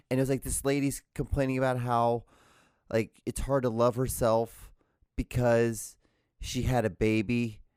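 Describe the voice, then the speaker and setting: A man's voice: mid-range voice, darkish tone, no room sound, studio quality. Man ranting crudely on his podcast. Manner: crude, profane ranting, rambling. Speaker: podcast host. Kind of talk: solo comedic rant podcast.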